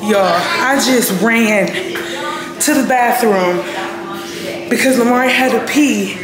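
A woman's voice: fairly high pitch, takes it slowly. A young woman chatting casually to her viewers while shopping and at home, a bit out of breath, recorded on a handheld phone. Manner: chatty, addresses viewers as y'all. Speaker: vlogger, mother. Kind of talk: casual vlog chat. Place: grocery store, then home. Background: loud background music.

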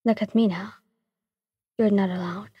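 A woman voicing a calm, caring teenage boy who speaks softly and reassuringly, in a storybook reading with a breathy tone. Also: medium pitch, normal speed, no room sound, in a large hall, lo-fi sound. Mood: gentle. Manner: soft, gentle, reassuring.

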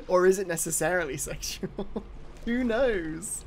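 A streamer giving live gameplay commentary, reacting excitably with plenty of swearing and reading out chat messages. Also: mid-range voice, slow, pauses often, slight background noise.

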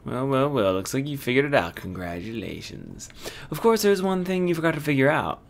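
A man's voice: medium pitch, very animated, brisk, gravelly, voice pushed up. A man voicing a gloating, scheming villain in a game, reading the lines in a smug, theatrical way.

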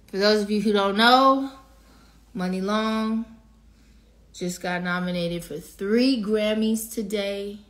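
Holding back tears, a woman in her thirties thanks her livestream viewers one by one in a casual but emotional moment. The singer speaks slowly in a mid-range voice, audibly choked up.

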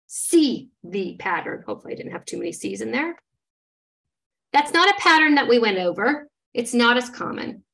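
A literacy trainer with a slightly high, fairly bright voice gives an instructional demonstration of reading, sounding out word parts one step at a time. She models each step for her listeners in an encouraging, teacherly manner.

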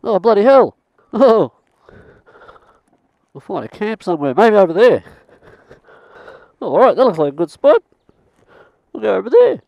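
A man's voice: high-pitched, big pitch swings, a little slow, gravelly, pauses often, dry recording, dull audio. An Australian man vlogging outdoors in the bush, rambling and swearing mildly as he chats. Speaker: travel vlogger. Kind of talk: casual self-filmed chat.

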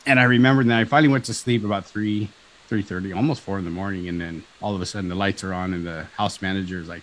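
This low-pitched, fast-talking man in his fifties hails from Southern California and is appearing as a talk show guest. He animatedly recounts something that happened to him, performing the lines of dialogue and tossing in "right?" again and again, all captured on a rough recording.

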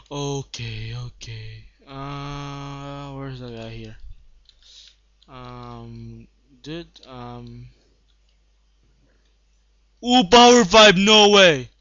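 A young man giving live gameplay commentary, bursting into excited shouts and then muttering low asides. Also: very slow, long pauses, clear, resonant tone. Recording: dull lo-fi home recording.

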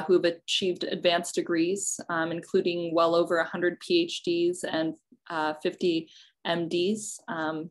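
Woman host reading out a speaker intro, lowish voice, lots of little pauses. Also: poor audio. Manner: reads an introduction with frequent pauses. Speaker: host, assistant professor.

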